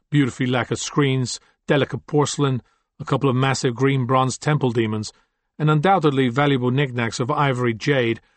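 A man reads fiction aloud in a measured, steady narration at a mid pitch. The recording is dry and close, with no room sound. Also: no room sound. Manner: measured, descriptive reading. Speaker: audiobook narrator. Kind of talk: scripted narration.

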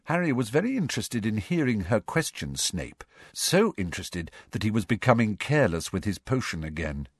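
A man reading a novel aloud in steady, measured narration. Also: on the low side, husky, no room sound, studio quality. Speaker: audiobook reader. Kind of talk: scripted narration.

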